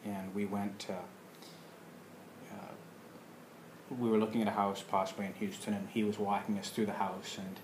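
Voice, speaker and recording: Man, low voice, rambling casual storytelling, roomy recording with faint hiss. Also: level tone. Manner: rambling, many filler pauses. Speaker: alternative practice teacher.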